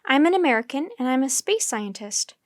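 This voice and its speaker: A woman's voice: sits high, big pitch swings, no echo, clean studio sound. Woman doing an earnest woman scientist. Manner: measured, formal self-introduction.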